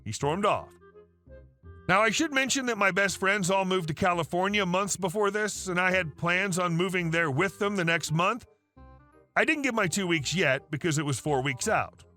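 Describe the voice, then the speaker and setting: Bright, high-voiced male story narrator. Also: lively intonation, moderate pace. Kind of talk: scripted narration of online stories. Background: faint music.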